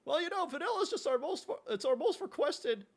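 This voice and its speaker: A man voicing a frantic, stammering teenage boy sidekick in a squeaky high voice. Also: animated, a little fast. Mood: panicky.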